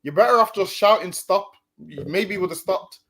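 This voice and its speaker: A man with a notably high voice explains his point in a relaxed, conversational way. He stumbles and restarts often. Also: a little fast, breathy edge. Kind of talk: casual commentary.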